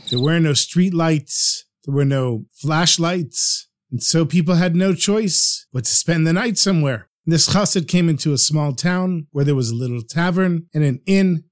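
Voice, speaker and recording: A man narrates a traditional story in an easy, conversational manner. His voice sits fairly high for a man. He moves the tale along with animated, chatty phrasing. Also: unhurried, noisy background. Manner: animated, conversational retelling with acted quotes.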